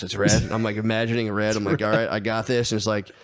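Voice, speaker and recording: A man's voice: fairly low pitch, fairly even intonation, quick pace, no echo. Young male podcast co-host, casual storyteller, profane and rambling, lots of restarts, dry close sound. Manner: rambling, profane, stammering restarts, acts out his own thoughts.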